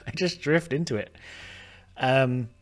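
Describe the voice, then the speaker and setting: A man's voice: mid-range voice, takes it slowly, soft background music. A man casually commenting on a detective game as he plays, thinking aloud with lots of fillers and restarts, chatty and self-mocking. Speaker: gaming video host. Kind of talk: casual let's-play commentary.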